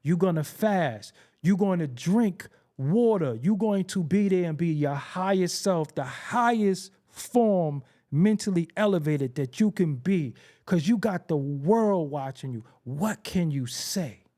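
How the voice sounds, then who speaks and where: Man, fairly high voice, casual commentary, streetwise slang, repeats himself for emphasis. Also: lively intonation, measured pace, few pauses, warm tone. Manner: streetwise, repetitive storytelling with emphatic asides; frequent profanity and slang. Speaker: hip-hop show host.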